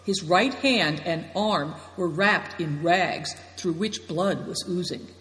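A narrator reading an adventure story aloud, with lively, expressive storytelling. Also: mid-range voice, takes it slowly. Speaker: audiobook narrator. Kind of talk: scripted narration. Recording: roomy echo with long reverb.

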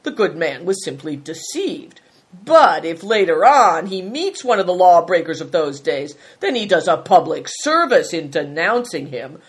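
A woman's voice: on the low side, big pitch swings, unhurried, breathy edge, heavily acted. A woman voicing a hot-tempered male bandit chief who speaks in a sly, scornful, mocking way, reading from a storybook.

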